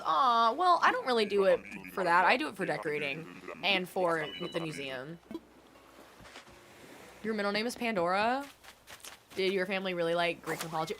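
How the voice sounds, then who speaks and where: A woman's voice: mid-range voice, sharp tone. A young woman streaming a game, chatting casually and answering her chat, with a stuffy nose. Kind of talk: casual chat while gaming.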